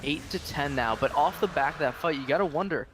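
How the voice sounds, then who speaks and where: A man's voice: fairly high pitch, a little fast, fairly bright tone, slight background noise. A man giving color commentary on an esports match, explaining the play and tagging points with "right?". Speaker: esports analyst.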